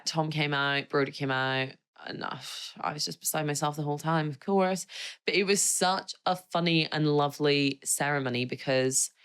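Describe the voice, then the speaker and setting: A woman hosting a podcast, chatting casually on her own in a gushing, self-mocking way. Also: deep voice. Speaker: podcast host. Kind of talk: casual solo podcast chat.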